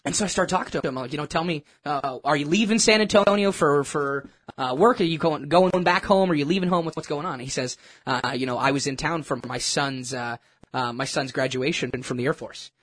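A man telling a personal story in a casual, animated, self-mocking way, with lots of restarts. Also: on the high side, a little fast. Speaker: churchgoer sharing a testimony.

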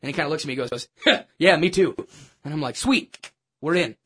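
A man telling a personal story in a casual, animated, self-mocking way, with lots of restarts. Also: fairly high pitch, fast, slightly rough. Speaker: churchgoer sharing a testimony.

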